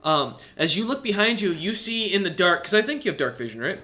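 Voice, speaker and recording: A man narrates a tabletop game as its game master, his voice bright and a touch higher than most. He rambles between descriptions, filling the gaps with ums and uhs. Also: big pitch swings, a little fast. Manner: rambling with many fillers.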